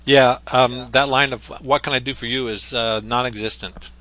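A man with a bright, sharp-edged voice speaks in a relaxed chat. He sounds thoughtful and halting, often pausing on fillers before making his point. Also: medium pitch, dry recording. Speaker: podcast guest. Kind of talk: casual chat.

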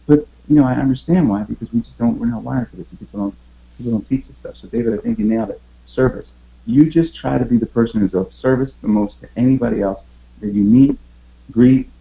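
A man's voice: medium pitch, lively intonation, fairly quick, gravelly. A man with a mid-range voice gives an emphatic motivational pep talk. He keeps firing rhetorical questions at his listeners and stammers over repeated words. The audio is slightly dull and lo-fi. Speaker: podcast host.

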